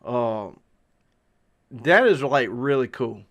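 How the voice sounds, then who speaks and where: A man's voice: medium pitch, lively intonation, slow pace, a bit bright. A middle-aged man with a Southern US accent, chatting casually to viewers on a live stream and rambling with lots of fillers and restarts. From South Carolina. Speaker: outdoor channel host. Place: outdoors.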